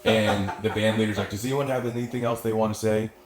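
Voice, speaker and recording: A man's voice: lowish voice, steady tone, quick pace. A young adult man, a musician guest, telling a long story in casual chat, rambling and swearing often with lots of filler words. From Austin area. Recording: echoey room, faint background ambience.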